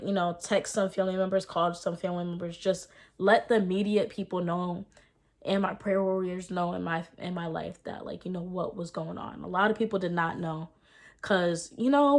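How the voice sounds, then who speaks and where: Young woman telling an emotional story. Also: fairly low pitch. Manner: casual and emotional, often addressing viewers as "y'all"; fast, filler-heavy speech with rising and falling intensity. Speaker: vlogger and mother. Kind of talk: personal storytelling vlog.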